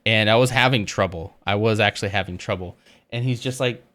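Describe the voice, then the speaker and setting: A man's voice: on the low side, fairly quick, fairly bright tone. A man livestreaming as he builds a Lego set, chatting casually and laughing often at himself.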